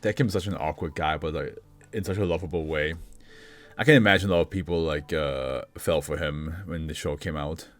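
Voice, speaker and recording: A man's voice: extremely low pitch, a little fast. A man hosting a reaction video, talking casually, laughing often and slipping into mock voices.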